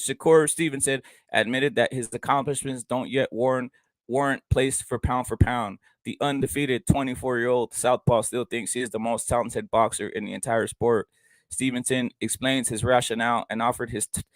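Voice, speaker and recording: A man's voice: mid-range voice, dry recording, low-quality recording. A man ranting profanely as he reads boxing news aloud, breaking off to mock what he reads. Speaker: boxing commentary host. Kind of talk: ranting solo commentary.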